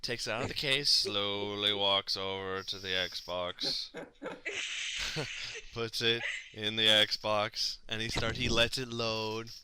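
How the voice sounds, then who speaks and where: A man casually telling a long comic story, acting out his own and other people's lines with big jumps in pitch, swearing freely and mocking himself. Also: slow. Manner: animated, acts out quotes with big pitch swings; profane, self-mocking.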